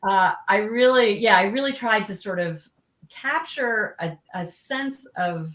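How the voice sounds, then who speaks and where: A woman's voice: mid-range voice, animated, a little slow, a bit bright. A woman from Long Island, a guest author in a casual interview, talking thoughtfully with many restarts. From Long Island, United States. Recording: roomy echo.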